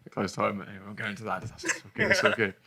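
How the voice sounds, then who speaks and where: A man hosts a podcast interview, firing off chatty, jokey questions with frequent giggles. His voice sits fairly low but sounds bright and forward. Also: slightly rough. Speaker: podcast host. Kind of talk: casual interview chat.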